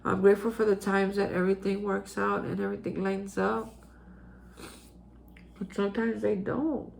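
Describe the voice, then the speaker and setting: A woman's voice: medium pitch, level tone, normal speed, creaky, a little mellow, slight background noise. A woman hosting a recovery reflection, telling a personal story in an earnest, emotional way, with many fillers and restarts. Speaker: host sharing daily recovery reflections.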